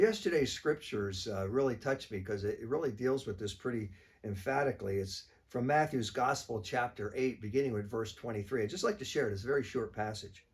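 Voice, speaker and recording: A man, a priest, giving a short weekly reflection in a conversational, plain-spoken way. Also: mid-range voice.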